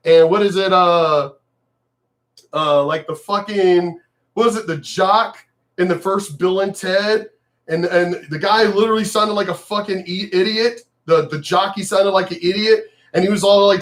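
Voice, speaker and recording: A man in a profane, mocking political rant, repeating himself and shouting mock cheers. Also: sits high, lively intonation, moderate pace. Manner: angry, profane, repetitive, mocking. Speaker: video commentator.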